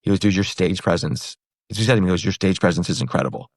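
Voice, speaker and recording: A comedian in his thirties telling a story in a casual interview, animated, acting out the other people in it. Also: low-pitched, fast talker, no room sound, studio quality. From New York and Pennsylvania. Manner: animated, acts out quoted voices. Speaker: comedian guest.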